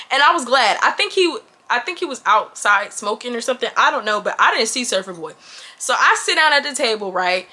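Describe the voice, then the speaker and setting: A young woman chats through a storytime for her viewers, animated and full of slang. Her voice sits a little high and rings bright and forward. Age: 20s. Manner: chatty and animated, addresses viewers as y'all, slangy. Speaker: vlogger. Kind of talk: casual storytime chat.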